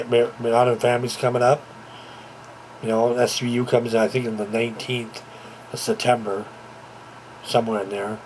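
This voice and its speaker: At home, a male vlogger chats casually to a handheld camera that moves about. His mid-range voice is a little mellow, and he rambles and repeats himself with plenty of fillers. The audio is poor, with slight background noise.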